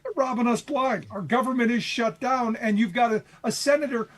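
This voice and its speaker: A man with a notably high voice, joining a radio show as a guest host. He speaks with passion and dry sarcasm, building his points steadily. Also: a little fast, a bit bright. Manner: sarcastic, passionate political commentary. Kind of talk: casual talk radio.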